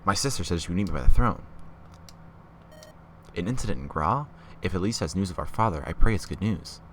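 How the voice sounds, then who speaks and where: A man's voice: sits low, expressive, brisk, a bit bright, slight background noise. A young man voicing an earnest, defiant young prince, over game music.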